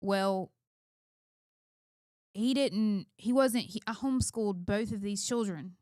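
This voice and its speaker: A middle-aged woman co-hosts a casual conversation and speaks in an emphatic, candid, self-reflective way. Her voice is smooth and resonant, and the recording is dry with no room sound. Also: mid-range voice, takes it slowly, darkish tone, dry recording. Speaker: co-host, mother of two. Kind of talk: casual chat.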